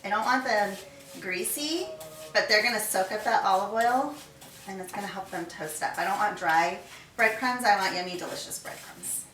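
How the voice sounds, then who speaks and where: Chatty and relaxed, a middle-aged woman chef hosts a casual home cooking demonstration, talking to herself as she works. Her mid-range voice sounds a bit far from the mic in an echoey kitchen, with pots, pans and cutlery clinking and slight background noise.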